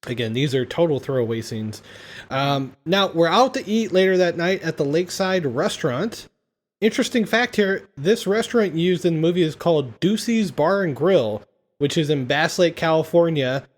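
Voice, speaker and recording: A man's voice: on the high side, lively intonation, normal speed. Chuckling podcast host man recapping a film. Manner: laughs often while retelling.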